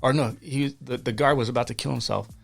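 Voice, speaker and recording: Quick and creaky, a mid-range male voice with fairly even intonation comes through over soft background music. The man is a podcast guest recounting faith stories in a casual, earnest, fervent way, with many restarts and repetitions.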